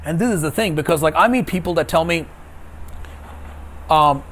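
A man's voice: a little high, expressive, moderate pace, pauses often, a bit bright, a little hiss or hum. A man preaching an online sermon as pastor, emphatic and repeating his key phrases. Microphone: video call.

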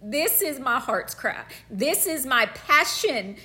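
Woman preacher, middle-aged, high bright voice, fervent and emotional, builds with repetition. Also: big pitch swings, slow. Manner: fervent, emotional, repeats phrases for emphasis. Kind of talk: passionate sermon.

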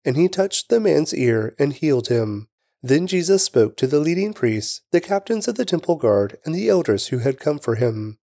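A man giving a steady, reverent scripture reading. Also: on the high side, normal speed, gravelly, dry recording. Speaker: scripture reader.

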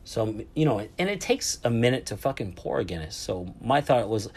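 A man's voice: medium pitch, sing-song, a little fast, few pauses, a little mellow. A man in his thirties casually telling a travel story, rambling and swearing, with lots of fillers and restarts.

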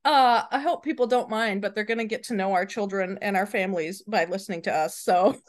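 A woman in her thirties co-hosting a podcast, telling funny parenting stories in an animated way and laughing often. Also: mid-range voice, fairly quick. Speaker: podcast co-host. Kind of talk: casual chat.

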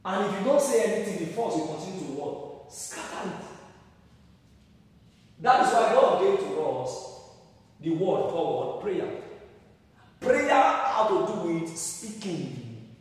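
A Nigerian pastor preaches in a high, sing-song voice, calling out questions and building to loud, emphatic peaks. He speaks a little slowly and pauses often. He sounds far from the mic in a large hall, with heavy echo, a long reverb tail, and a roomy, distant recording.

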